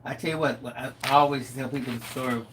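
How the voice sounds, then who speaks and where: A middle-aged man co-hosting a live stream, telling stories in a lively, animated way. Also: medium pitch, quick pace, a little hiss or hum. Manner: animated storyteller, acts out quotes. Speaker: co-host of a live craft stream. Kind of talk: casual storytelling chat.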